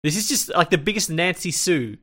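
A man's voice: on the high side, a little fast. A man co-hosting a casual podcast, recapping an anime and acting out the characters' lines. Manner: animated, acts out lines. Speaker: podcast co-host.

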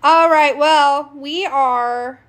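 A woman co-hosting a casual podcast chat, relaxed and often giggling, mostly giving short replies. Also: sits high, very slow. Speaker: podcast co-host.

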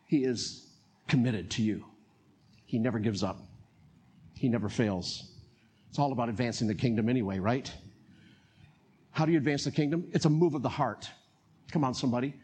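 A man with a North Carolina accent preaching a sermon as pastor, animated, laughing often and acting out voices. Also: mid-range voice, moderate pace, long pauses, slight background noise.

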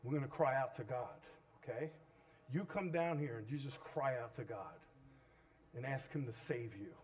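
A male pastor making an impassioned altar call during a sermon, moving from hushed pleading to loud cries. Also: mid-range voice, moderate pace.

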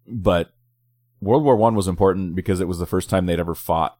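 A man's voice: low-pitched, a little fast, mellow, no room sound. A man co-hosting a casual movie review podcast, a keen comic book fan who stammers and repeats words. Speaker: podcast co-host.

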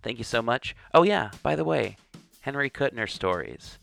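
A man's voice: medium pitch, big pitch swings, moderate pace, vocal fry, a bit bright, faint music behind. A man hosting a radio show, giving a casual, rambling intro and correcting himself as he goes.

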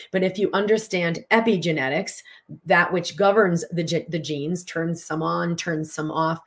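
A middle-aged woman coaching tapping in a live online session, talking in an animated, emphatic and chatty way. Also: on the low side, normal speed. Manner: animated, emphatic, conversational with fillers.

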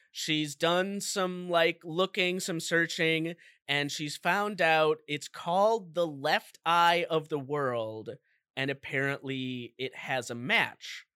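A man with a bright, fairly high voice walks through a game's story at a slow, easy pace. He tells it like a relaxed storyteller and drops in jokey asides. The sound is dry and close. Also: smooth, no echo. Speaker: podcast co-host. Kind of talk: casual chat, recapping a video game plot.

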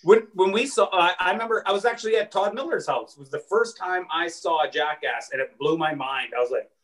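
Guest comedian, male, from Saskatchewan, fairly high voice, rambling and animated, slightly off-mic. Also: fairly quick, far from the mic, rough recording. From Saskatchewan, Canada. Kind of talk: casual podcast storytelling.

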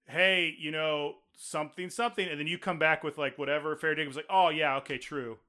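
An American podcast host, a little high in pitch and fairly quick, tells stories in casual chat. He's an animated storyteller who laughs a lot.

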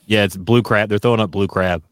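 A man of middling pitch co-hosts a casual podcast, tossing in offhand wisecracks. His voice sounds close and dry, with no room around it. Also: fairly even intonation, a little fast, no echo. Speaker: podcast co-host.

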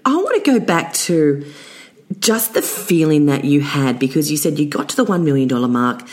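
Very low-voiced chatty woman host. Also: very animated, normal speed. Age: 40s. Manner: chatty, laughs often, repeats words. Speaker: podcast host. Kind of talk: casual interview chat.

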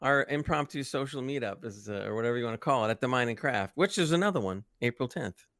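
A man's voice: medium pitch, expressive, quick pace, vocal fry, a bit bright, no room sound. Laid-back American man, dry close sound. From United States. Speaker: podcast co-host. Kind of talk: casual chat.

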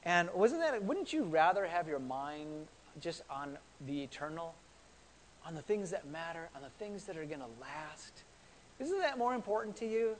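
High-voiced pastor preaching in a reverberant hall. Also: male voice, lively intonation, normal speed, a little hiss or hum. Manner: conversational, repeats words, asks the congregation questions. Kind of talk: sermon.

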